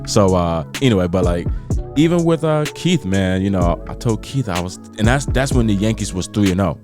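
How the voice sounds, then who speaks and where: A man from New York hosting a podcast, venting about sports in a rambling, animated way with many repeats. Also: lowish voice, normal speed, over music. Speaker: podcast host. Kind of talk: casual solo podcast chat.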